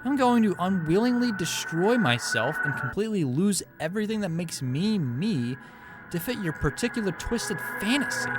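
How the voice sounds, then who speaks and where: A man's voice: high voice, sing-song, moderate pace, noisy background, pitched above the performer's own voice. A man voicing a shy, obsessive teenage girl, speaking in a solemn, overwrought way. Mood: despairing. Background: background music.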